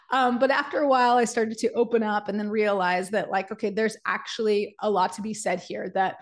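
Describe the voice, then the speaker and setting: A woman co-hosting a business webinar, telling a personal story in an animated, chatty way and speaking straight to her audience. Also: fairly high pitch, a little fast. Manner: animated, chatty, many "like"s and acted-out quotes; addresses the audience directly. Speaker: webinar co-host and business coach. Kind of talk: energetic storytelling presentation.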